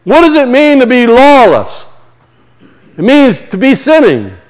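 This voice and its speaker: A man preaching a sermon, talking conversationally and with passion, drawing words out for emphasis and reading scripture slowly. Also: extremely high pitch, huge pitch swings, low-quality recording. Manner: reads scripture aloud slowly and deliberately.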